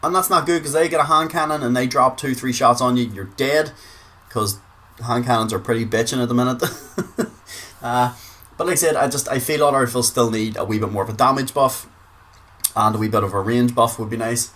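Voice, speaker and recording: Speaking fairly quickly in a sharp-toned, medium-pitched voice, a Northern Irish gaming creator delivers casual commentary. It's chatty and peppered with swearing, and he repeats words to drive his points home.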